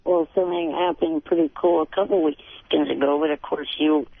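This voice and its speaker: A man's voice: on the high side, steady tone, brisk, creaky, crowd noise. A man calling in to a radio show, cranky and combative. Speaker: caller. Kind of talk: phone call to a radio show. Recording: tinny phone line on air.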